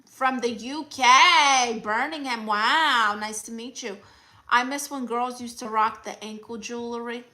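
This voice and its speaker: Woman, comedy livestream host, sassy and teasing, slow unhurried delivery, higher pitch. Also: steady tone, bright, forceful tone, poor audio. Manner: coos baby talk at her dog. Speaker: comedian hosting a live chat as an advice-giving aunt. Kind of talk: casual livestream banter, reading chat comments.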